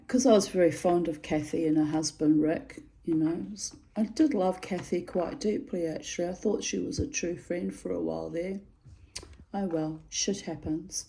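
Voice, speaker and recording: A woman's voice: lowish voice, vocal fry, dark tone, poor audio. A middle-aged woman telling a personal story to camera in a frank, aggrieved way, swearing freely. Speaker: video storyteller.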